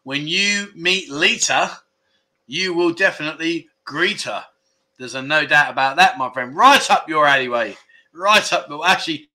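A man's voice: a little high, animated, normal speed, bright, forceful tone. A man hosting a casual livestream, chatting and joking as he reads out viewer comments, often laughing at his own jokes. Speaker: livestream host.

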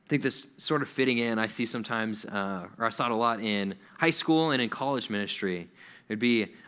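A man's voice: medium pitch, bright, forceful tone. A young adult man preaching a conversational sermon to young people, acting out little quoted voices as he goes.

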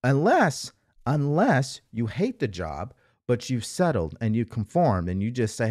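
A man's voice: mid-range voice, very animated, measured pace, a little mellow, no echo, studio quality. A man giving an emphatic motivational talk, full of rhetorical questions and repeated phrases. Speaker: motivational speaker. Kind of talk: motivational monologue.

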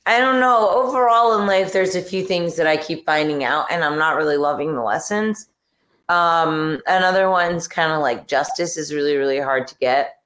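A woman's voice: low-pitched, normal speed, fairly bright tone, reverberant. A woman guest on a podcast talking frankly and irritably in casual conversation, trailing off with fillers. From New York and New Jersey area.

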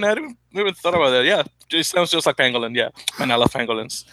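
Bright, rambling young podcast host. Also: male voice, mid-range voice, lively intonation, fast, hardly any pauses, dry recording. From Dominican Republic. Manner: rambling, self-correcting, laughs often. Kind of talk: casual podcast chat.

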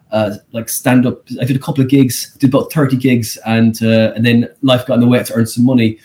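An Irish man, a comedian and guest, telling rambling, animated stories in a casual podcast interview. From Ireland. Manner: animated, rambling storyteller with pitch leaps.

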